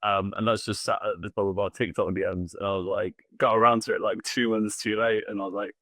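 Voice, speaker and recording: A man talks quickly in easygoing banter on a casual podcast. His voice is low. The sound is close and dry. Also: fairly even intonation, fairly bright tone, no room sound. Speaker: podcast co-host. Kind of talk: casual chat.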